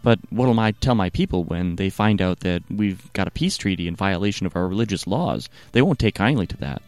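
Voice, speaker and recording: A man voicing a blunt ancient war leader who fires off quick, incredulous questions. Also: sits low, lively intonation, a little mellow, soft background music. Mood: skeptical.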